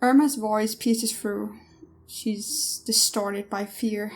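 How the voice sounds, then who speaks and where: A woman narrating a tabletop horror game as game master in a measured, second-person way. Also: medium pitch, steady tone, slight background noise.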